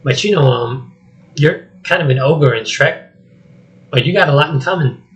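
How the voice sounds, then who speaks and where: A man voicing a loud, jittery talking male donkey while reading a script aloud, with high excitable chatter. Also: moderate pace, natural voice, low-quality recording. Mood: chatty. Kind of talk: solo script reading with voices.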